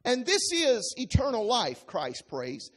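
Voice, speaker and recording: Slow, animated, husky preacher. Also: medium pitch. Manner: reads scripture aloud then explains it line by line, emphatic. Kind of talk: expository Bible-teaching sermon.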